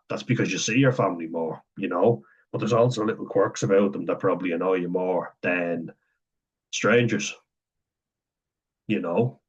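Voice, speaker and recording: Man, young adult, low pitch, candid vlog monologue, blunt and profane, dull recording. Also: a little slow, pauses often, husky. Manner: frank and profane, conversational. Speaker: vlogger. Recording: dull lo-fi sound.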